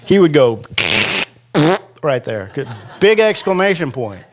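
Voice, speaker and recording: A man preaching a sermon as pastor in a church classroom, chatty and self-deprecating, slowing down to stretch out quoted scripture for emphasis. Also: fairly high pitch, big pitch swings. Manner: slow, conversational preaching with self-deprecating asides.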